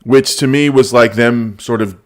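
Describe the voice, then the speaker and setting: A man hosting a relaxed podcast, talking in a mid-range voice. He tells stories animatedly, acting out lines and laughing along. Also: medium pitch, a little slow. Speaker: podcast host. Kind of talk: casual movie review chat.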